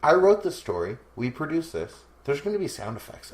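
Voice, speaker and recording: A man's voice: on the high side, very animated, fairly quick, background noise. A man co-hosting a podcast in casual chat, telling crude jokes and laughing often. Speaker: podcast co-host.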